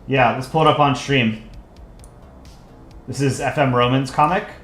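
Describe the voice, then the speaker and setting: Laid-back guy rambling on a cartoon drawing stream, roomy echo, music low. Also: normal speed. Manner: relaxed, rambling with fillers. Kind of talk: casual live stream chat. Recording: echoey room with faint music.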